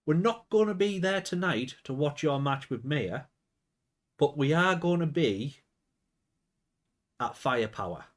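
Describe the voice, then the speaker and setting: A man reading the lines of a brash young woman wrestler in his own voice, with no accent, pitched somewhat higher. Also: lively intonation, unhurried, long pauses. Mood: challenging.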